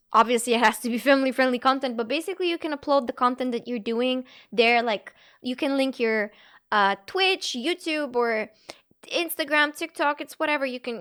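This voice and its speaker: Giggly high-voiced young woman streamer. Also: fairly bright tone. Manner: giggly, chatty, reading and answering chat. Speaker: Twitch streamer. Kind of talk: casual live-stream chat.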